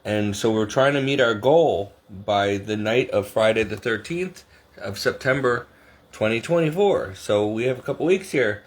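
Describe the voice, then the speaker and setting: A man's voice: lowish voice, normal speed. A middle-aged man chatting casually to camera, rambling and self-deprecating, often laughing at himself. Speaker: vlogger.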